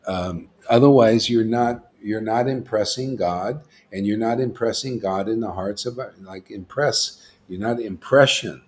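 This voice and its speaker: A man's voice: lowish voice, measured pace, few pauses, slight background noise. Guy hosting a loose devotional chat, rambling, lots of "see" and "you know". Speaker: host. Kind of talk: casual spiritual discussion.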